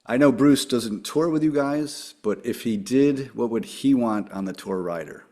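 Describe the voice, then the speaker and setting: A man's voice: mid-range voice, unhurried, warm tone. A man hosting a casual podcast interview, working through numbered questions with short, easygoing replies. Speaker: podcast host.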